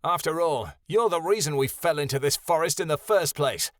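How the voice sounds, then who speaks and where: A man voicing a defiant, hot-tempered young man who argues and yells nastily. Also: fairly high pitch, lively intonation, normal speed, dry recording, clean studio sound. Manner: defiant, nasty, yelling.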